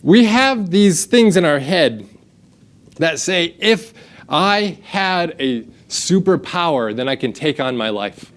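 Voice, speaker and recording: A man's voice: fairly high pitch, animated, slow. A man, preaching a sermon and telling a self-deprecating story that he acts out in quotes. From United States. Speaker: pastor. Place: church sanctuary.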